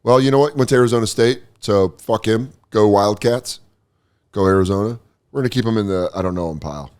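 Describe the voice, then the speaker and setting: A man's voice: on the low side, fairly quick, clear, resonant tone. A man in his thirties hosting a podcast, chatting casually and telling stories in a profane, riffing way. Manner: profane, riffing, animated storyteller. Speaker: podcast host. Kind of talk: casual comedic chat.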